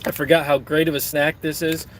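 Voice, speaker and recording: A man's voice: on the high side, flat delivery, brisk, a little hiss or hum. Crude, joking man rambling to chat. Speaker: streamer reading chat.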